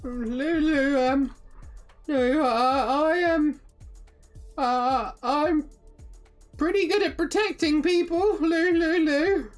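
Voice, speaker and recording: A fretful, panicking shipmate calls out in a high, strained voice, repeating himself frantically, as a woman puts him on. He is anxious and loud in a tabletop fantasy game. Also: slow, pauses often, faint music behind. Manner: frantic, repeats one name over and over.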